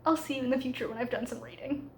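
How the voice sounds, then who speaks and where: Woman, high-pitched, casual vlog chat, filler-heavy, quick asides. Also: very noisy. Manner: chatty, frequent fillers like "like"; quick, slightly rushed asides. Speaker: book vlogger.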